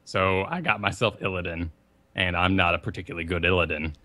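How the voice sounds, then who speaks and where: A young man co-hosting a casual gaming podcast, telling rambling, animated stories. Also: sits low, fast talker. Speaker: podcast co-host.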